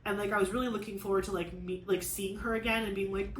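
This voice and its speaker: A woman's voice: mid-range voice, steady tone, rapid-fire, slight background noise. Rambling woman venting in an echoey room. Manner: rambling, lots of "like", frustrated venting. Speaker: crafting channel host. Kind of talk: casual chat while crafting. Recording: echoey room with faint ambience.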